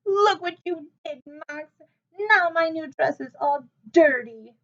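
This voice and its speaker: A woman voicing an excitable, whiny little girl who squeals and wails in a storybook reading. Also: medium pitch, slow, muffled recording, exaggerated voice. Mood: wailing. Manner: squealing, wailing. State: sobbing.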